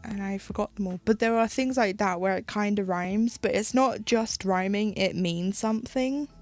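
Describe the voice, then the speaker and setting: A woman with a British English accent chatting casually on a live stream as she stitches, rambling along with lots of "like" and quick restarts. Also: medium pitch, no room sound, soft background music. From United Kingdom.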